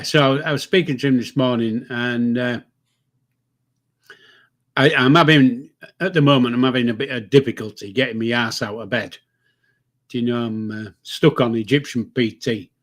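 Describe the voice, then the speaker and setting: A man's voice: mid-range voice, moderate pace, pauses often, a bit bright. An older man with a Yorkshire accent, co-hosting a casual live-stream chat in an easygoing, agreeable way. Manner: easygoing, agreeable, short replies. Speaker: co-host.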